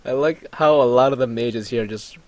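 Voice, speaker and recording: A young man casually commentating a game and reading out role-play chat, excitable and often laughing. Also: medium pitch, a little fast, no echo. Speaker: let's play host.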